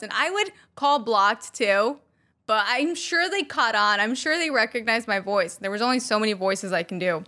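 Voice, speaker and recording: Woman, young adult, vlogger, casual storytelling, animated, bright tone. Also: a little high. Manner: animated, self-mocking, acts out quotes in loud squeals.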